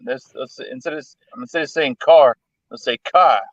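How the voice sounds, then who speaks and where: A man's voice: medium pitch, normal speed, no echo, lo-fi sound. A man in casual chat, joking crudely and repeating himself.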